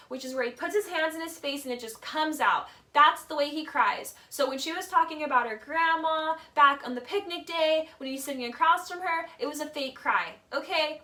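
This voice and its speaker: A reality TV commentator with a high, bright voice delivers chatty, opinionated commentary in a casual video essay, using "like" and "literally" in every sentence. She acts out what others said in mock voices, and her voice sits a little away from the distant mic.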